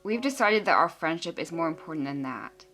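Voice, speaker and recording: Woman, lowish voice, amateur teen drama acting, earnest, sulky. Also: lively intonation, a little fast, bright, forceful tone, faint music behind. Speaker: voice actor playing several teenage girls.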